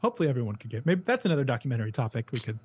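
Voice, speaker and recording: A man's voice: medium pitch, big pitch swings, racing, husky. A man co-hosting a live talk show, rambling casually and reading viewer comments aloud. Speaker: co-host reading viewer super chats. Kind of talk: casual live-stream chat.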